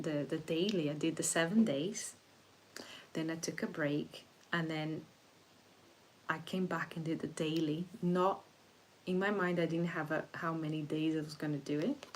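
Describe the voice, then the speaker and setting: Soft-spoken low-voiced woman host. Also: fairly even intonation, a little slow, slight background noise, rough recording. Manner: soft-spoken, meandering, with frequent restarts. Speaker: spiritual livestream host. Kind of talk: casual reflective livestream talk.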